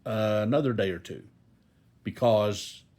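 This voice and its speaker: A man's voice: lowish voice, unhurried, a little mellow. An older man vlogging casually from a hospital room, rambling and folksy with joking asides. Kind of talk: casual talk to camera.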